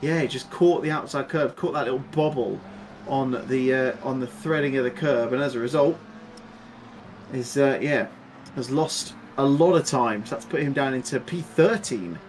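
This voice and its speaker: A man doing live play-by-play commentary on a sim race, excitable and chatty, laughing often. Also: medium pitch, moderate pace, slight background noise.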